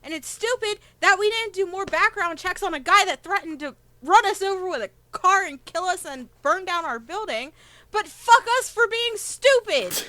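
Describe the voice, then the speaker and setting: A woman plays a tabletop game with exasperated, swearing retorts. Her voice is high, bright and sharp. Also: normal speed, few pauses, no echo. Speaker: player. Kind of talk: tabletop role-play.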